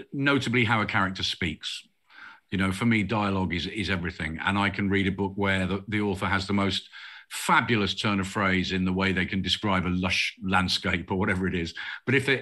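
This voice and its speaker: Voice in a man's lower register, with a bright, forceful edge. He is a crime writer on a festival panel, chatting casually and answering questions with animated jumps in pitch.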